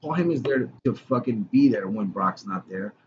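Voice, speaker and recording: An excitable man co-hosts a casual podcast, swearing freely and calling his partner bro and dude. The recording is dull and lo-fi, with a steady hiss behind him. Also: on the low side, normal speed. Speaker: podcast co-host. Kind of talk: casual chat about wrestling. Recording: lo-fi with clear background noise.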